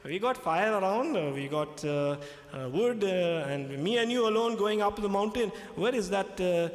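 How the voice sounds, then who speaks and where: A man voicing an anxious teenage boy who questions his father in a halting, raised voice. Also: high voice, animated, pitched above the performer's own voice. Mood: puzzled. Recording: echoey hall.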